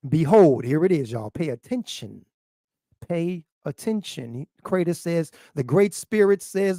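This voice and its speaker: A man teaching in a sermon style, reading passages aloud and explaining them, who keeps asking "what?" and "huh?" and repeats phrases, swinging from loud to quiet. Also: on the high side, expressive, a little slow, dry recording, studio quality.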